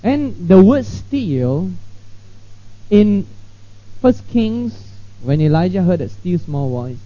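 A man's voice: sits high, sing-song, slow, warm tone, no echo. A man teaching a Bible class in a conversational way, often checking in with his listeners. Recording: dull lo-fi recording.

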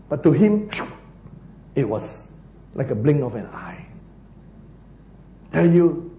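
A man preaching a sermon as pastor, telling a Bible story in an animated way with laughs and playful asides. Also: fairly high pitch, roomy sound.

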